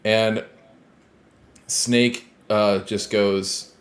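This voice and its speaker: A podcast co-host with a notably deep, low-pitched voice. He talks through a video game's plot in relaxed, rambling fashion, leaning on fillers. He swears casually as he goes. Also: very slow. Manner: loose and rambling, heavy on filler words. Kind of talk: casual chat recapping a video game.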